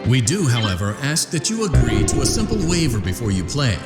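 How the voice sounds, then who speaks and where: A man voicing a cheerful corporate announcer for a haunted pizza company in a video game, with a smooth, salesy tone. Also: mid-range voice, very animated, fairly quick. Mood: upbeat salesy. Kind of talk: scripted game voice-over. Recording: echoey game audio with loud music.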